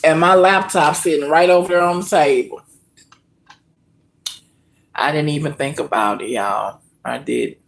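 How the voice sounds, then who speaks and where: On a casual live cooking stream, a woman host talks to her viewers, calling them y'all, in a low, gravelly voice. She's slow, heartfelt and emotional, with many pauses and soft moments close to a whisper.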